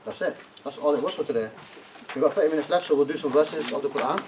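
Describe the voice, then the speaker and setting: A man's voice: on the high side, quick pace, a little mellow. A man teaching a classroom lesson who keeps asking "yeah?" and prompts his students to translate. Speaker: Arabic teacher. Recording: distant classroom recording, faint noise.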